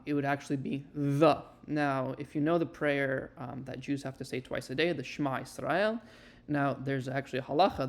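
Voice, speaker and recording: Gravelly-voiced man teaching pronunciation. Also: on the high side. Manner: relaxed, explanatory, many fillers, demonstrates sounds. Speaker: Hebrew teacher. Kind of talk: casual spoken lesson.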